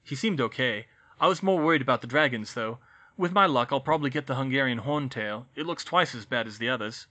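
A man voicing an anxious teenage boy wizard in an audiobook reading, hurried and worried. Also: mid-range voice, animated, sharp tone. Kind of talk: audiobook reading of fan fiction.

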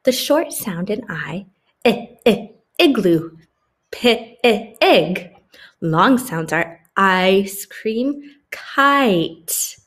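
A woman teaching a phonics lesson to young children, slowly and clearly sounding out each letter and word. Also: medium pitch, big pitch swings, fairly bright tone. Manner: slow, exaggerated sounding-out of letters. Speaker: kindergarten teacher.

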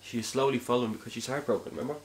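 A man's voice: medium pitch, steady tone, very fast, slight background noise. A man playing a video game and chatting casually with his co-host, laid-back and teasing. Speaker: let's play co-host. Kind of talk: casual gaming commentary.

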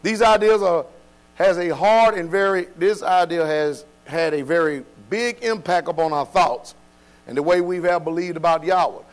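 A man leads a Bible study with an emphatic, preacher-like cadence, speaking at a normal speed in a fairly high voice. His speech is informal, often dropping verbs, and he keeps tossing rhetorical questions at his listeners. A low electrical hum sits beneath the recording.

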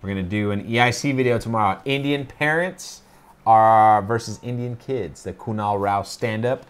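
A man's voice: fairly low pitch, moderate pace, smooth. A man hosting a casual reaction video, joking and stumbling over his words. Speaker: reaction channel host.

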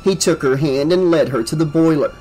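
A man's voice: fairly high pitch, fairly quick, mellow, soft background music, rough recording. Man reading a horror audiobook. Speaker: audiobook narrator. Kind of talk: scripted narration.

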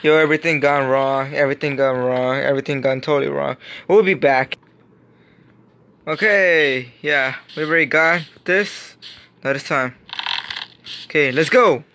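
A gamer giving casual gameplay commentary, excitable and slangy, often repeating words in frantic bursts. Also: mid-range voice, moderate pace, low-quality recording. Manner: slangy, says yo and bro a lot.

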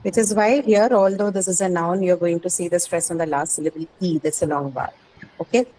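A woman's voice: lowish voice, steady tone, brisk, mellow, a little hiss or hum, rough recording. A woman English teacher taking an online class, explaining word stress patiently and confirming answers with "correct" and "that's right".

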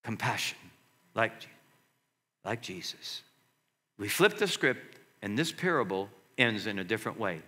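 A man in his sixties preaching a sermon as pastor, swinging between loud exclaiming and hushed asides. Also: lowish voice, very animated, unhurried, pauses often, husky, in a large hall. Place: church sanctuary.

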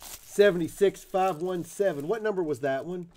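A man's voice: high voice, moderate pace, a little mellow, slight background noise. A man from Tennessee, hosting a casual card-opening stream in a rowdy, profane, whooping way. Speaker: card breaker host. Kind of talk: casual live stream chat.

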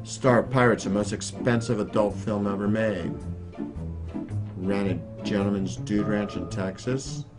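An actor playing a stern, deadpan pizza shop manager interviewing a job applicant. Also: male voice, on the low side, unhurried, music in the background, close to an everyday voice. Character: solemn male pizza boss interviewer.

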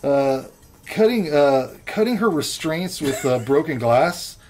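A man's voice: on the high side, expressive, slow, a little mellow, a little hiss or hum. A man co-hosting a podcast, reviewing a film in blunt, profane casual chat.

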